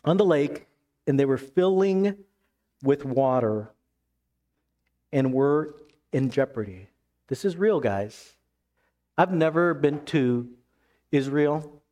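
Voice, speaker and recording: A man preaching a sermon as pastor, emphatic, then dropping to hushed tones. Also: medium pitch.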